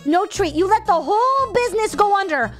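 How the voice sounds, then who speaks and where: A woman's voice: very high voice, lively intonation, a little fast, music in the background. A woman VTuber streaming a game, ranting crudely and comically to her chat. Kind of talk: live game stream commentary.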